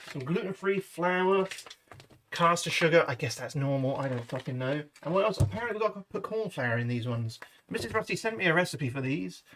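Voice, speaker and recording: British man, streamer, swears a lot, chatty, kitchen, fairly high voice, faint hiss. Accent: British English. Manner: chatty, sweary, talks to viewers in chat. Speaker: livestream host. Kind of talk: casual cooking livestream chat. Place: home kitchen.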